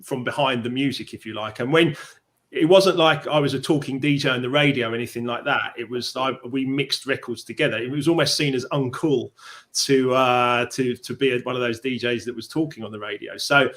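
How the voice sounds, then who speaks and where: A man's voice: medium pitch, fairly quick, fairly bright tone. Man, London Cockney accent, live stream host, rambling, lots of fillers and restarts, video call mic. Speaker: host and success coach.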